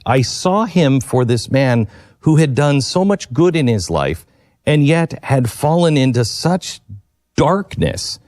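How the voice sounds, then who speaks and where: Earnest male radio host, lively pitch. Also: no echo. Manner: earnest, reflective, with halting restarts. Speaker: radio talk show host. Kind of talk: personal storytelling on air. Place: radio studio.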